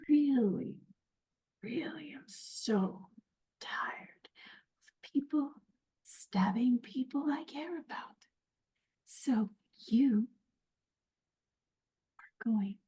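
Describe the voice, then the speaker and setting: A woman's voice: on the high side, lively intonation, drawn-out words, pauses often, warm tone, poor audio. Woman whispering as a menacing swordswoman.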